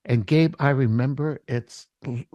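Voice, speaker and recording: A man giving a personal testimony in an interview, speaking slowly and reflectively with halting restarts, his voice emotional and near tears. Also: mid-range voice, dry recording, muffled recording. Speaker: interview guest, worship artist.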